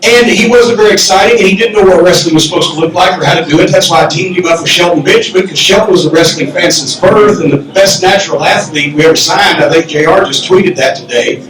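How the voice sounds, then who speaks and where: An older man telling a profane comedic story on stage at a live podcast, loud and animated, acting out the quotes. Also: high-pitched, fast, few pauses, distant mic, soft background music. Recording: roomy echoey club from the mic.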